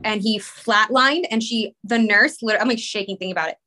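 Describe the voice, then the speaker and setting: A woman in her thirties, a guest on a talk show, telling an emotional personal story in a rushed, rambling way full of "like". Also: mid-range voice, pushed and bright, a little hiss or hum. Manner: rushed, rambling, many "like" fillers. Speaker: podcast guest, mother.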